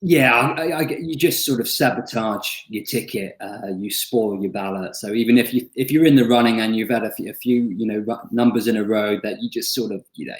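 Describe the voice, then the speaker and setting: Young man, author interview, low voice, chatty anecdotes, echoey room. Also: brisk, hardly any pauses. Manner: chatty, self-deprecating storyteller with frequent fillers. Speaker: author interviewed about his book. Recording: roomy echo.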